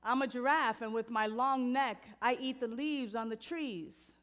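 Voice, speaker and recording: A woman voicing a calm giraffe in a told joke, speaking in a plain, matter-of-fact way. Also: fairly high pitch, unhurried.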